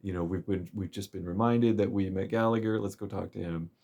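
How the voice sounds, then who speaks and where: Low-voiced man rambling through a game recap. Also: fairly even intonation, fairly quick, darkish tone, lo-fi sound. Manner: rambling, chuckling, many fillers. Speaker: game story commentator. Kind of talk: casual recap commentary.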